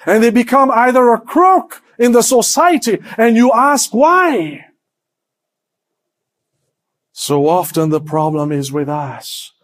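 A male pastor with a high, light voice delivers a sermon at a slow, deliberate pace. He keeps pulling the congregation in with questions. His voice sinks to near-whispers and then climbs for emphasis. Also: sing-song. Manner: preaches with call-and-response questions to the congregation; swings between hushed low lines and raised emphatic ones.

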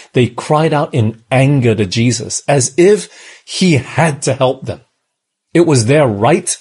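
Breathy at the edges and darkish in tone, this mid-range voice belongs to an Australian preacher at a church in Malaysia. He talks through his sermon conversationally, often checking in with those listening.

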